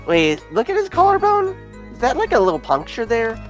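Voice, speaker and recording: A co-player in a casual gameplay chat, excitable and quick to point things out. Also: medium pitch, soft background music.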